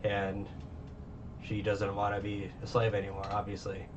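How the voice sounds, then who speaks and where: A man's voice: on the low side, monotone, normal speed. Young male reviewer, loose rambling recap, muffled distant mic with faint hiss. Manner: rambling with many fillers and restarts. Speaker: anime reviewer. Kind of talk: casual recap chat.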